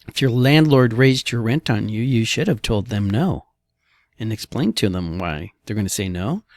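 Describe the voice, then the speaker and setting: A man's voice: fairly low pitch, lively intonation, a little slow, long pauses, dry recording. A man, a real estate broker giving blunt, casual commentary on housing market slides and tossing in "all right" and "okay" often.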